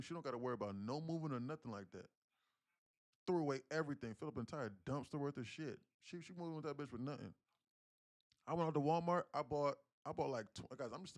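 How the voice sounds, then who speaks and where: Profane, animated streaming trader man. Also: medium pitch. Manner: profane, animated storytelling, gets loud and excited. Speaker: livestream day trader. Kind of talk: casual livestream chat.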